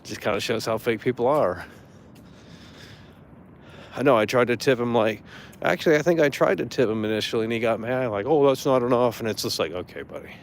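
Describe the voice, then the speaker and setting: A man's voice: medium pitch, brisk, long pauses, slight background noise. A man ranting angrily in casual talk, swearing freely and mocking someone who annoyed him. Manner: angry, profane ranting; mocking impressions in a raised voice. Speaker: streamer.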